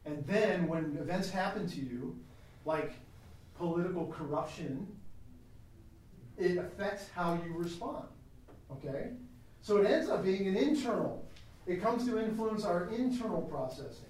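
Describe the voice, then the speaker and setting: A man teaching a Christian class in a lecture style that is chatty and animated, with asides, recorded from a distance in a classroom. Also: sits high, a little slow, long pauses. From United States. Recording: very echoey room, mic at a distance.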